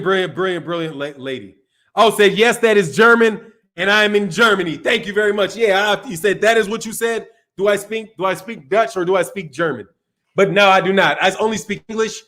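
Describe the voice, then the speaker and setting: A man's voice: high-pitched, fairly bright tone. A man hosting a casual live stream, talking loosely and rambling, dropping slang like dog and man while he reads viewer chat. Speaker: boxing channel host.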